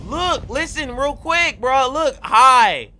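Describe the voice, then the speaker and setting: A young man hosting a game role-play, talking in an excitable, slangy way with loud reactions. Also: very high voice, slow, slight background noise. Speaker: gaming channel host. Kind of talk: Minecraft role-play commentary. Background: background music.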